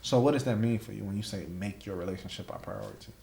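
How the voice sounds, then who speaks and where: A man's voice: lowish voice, fast talker, creaky, mellow, roomy sound, slight background noise. A man hosting a podcast in casual interview chat, emphatic and fond of saying "like" and "right?". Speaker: podcast host.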